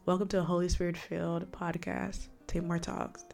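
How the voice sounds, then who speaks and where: A woman's voice: lowish voice, monotone, moderate pace, creaky, darkish tone, soft background music. A woman hosting her own faith podcast, talking in an emphatic, preaching way and answering the questions she asks. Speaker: podcast host. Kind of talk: solo faith podcast talk.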